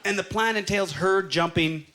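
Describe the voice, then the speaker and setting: Stand-up comic from Canada, thirties, high and bright, animated storyteller; faint audience noise. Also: male voice. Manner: animated storytelling with quick acted-out quotes. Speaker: stand-up comedian. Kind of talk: stand-up comedy set. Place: comedy club stage. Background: faint audience laughter.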